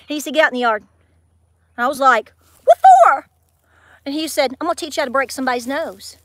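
A homestead vlogger tells her viewers a story in a chatty style, her voice high-pitched and fairly bright. When she acts out quotes, her voice swings dramatically.

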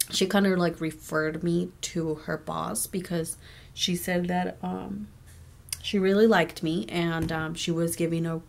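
Chatty young woman with a gravelly voice. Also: on the low side, slight background noise. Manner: chatty, many fillers and quoted dialogue. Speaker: vlogger. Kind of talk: casual storytime chat. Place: her bedroom.

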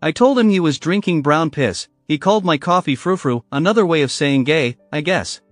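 A man narrating a first-person story in a scripted, measured storytelling manner. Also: a little high, lively intonation, dry recording, soft background music.

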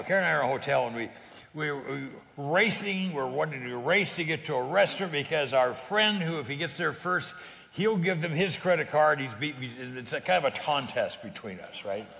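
Older male guest, gravelly and bright, animated storyteller, heard in a reverberant space. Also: fairly high pitch. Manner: lively, laughing, emphatic storyteller. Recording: long reverb.

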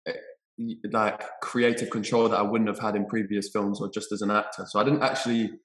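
A young man talks casually as an interview guest. His voice sits low, and his speech is halting, full of repeats and restarts. The sound is roomy, with a noticeable echo. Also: steady tone. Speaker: actor and producer, interview guest.

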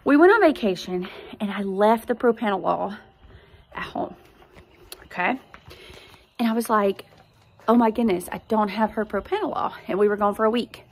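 A woman's voice: medium pitch, normal speed, long pauses, a little hiss or hum. A woman and mother, a podcast host, telling her own story in an earnest, conversational way as a faith testimony.

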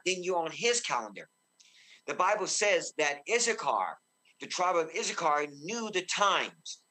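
A man preaching fervently as a guest minister, shouting bursts of praise and slowing to a deep, solemn tone when he quotes God. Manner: slows and deepens when quoting God. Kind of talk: excited preaching in a talk show interview.

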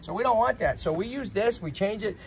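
A man hosting a casual outdoor vlog at a tortoise sanctuary, energetic and animated, constantly checking in with "right?". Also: high-pitched, brisk, gravelly, slight background noise.

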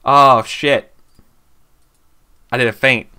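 Bright-voiced man running a tabletop game. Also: mid-range voice, steady tone, clear, resonant tone. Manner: casual, swears freely, quick asides. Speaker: game master.

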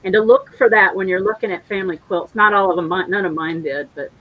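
A woman's voice: on the low side, quick pace, no room sound, narrow, tinny audio. A woman co-hosting a casual livestream, chatty and jokey, telling stories. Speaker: co-host.

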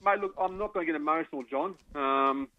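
A man's voice: on the high side, brisk, no room sound. A man with an Australian accent calling in by phone, affectionate and matey. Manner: affectionate, matey, says mate constantly. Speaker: caller. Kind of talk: phone-in chat. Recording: tinny phone line.

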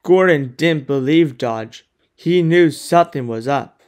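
A narrator telling a fan-made animated engine story in a plain, even storybook manner. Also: medium pitch, measured pace.

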